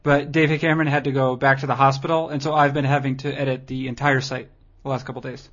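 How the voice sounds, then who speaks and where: A man's voice: mid-range voice, level tone, fast, a bit bright, muffled recording. A man hosting a podcast, chatting casually in a dry, teasing, rambling way. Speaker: podcast host.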